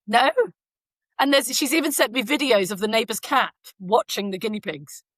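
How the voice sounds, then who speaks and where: A woman's voice: on the high side, animated, moderate pace, fairly bright tone, no echo. A woman, co-hosting a podcast and telling stories in a casual, rambling way with many fillers. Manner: chatty storyteller, frequent fillers. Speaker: podcast co-host. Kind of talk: casual chat. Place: Canada.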